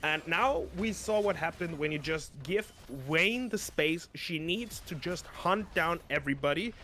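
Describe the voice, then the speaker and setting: A man with a German accent calls a live esports match as color caster. His pitch sits a little high, and he breaks down team plans with quick spikes of excitement. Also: slight background noise.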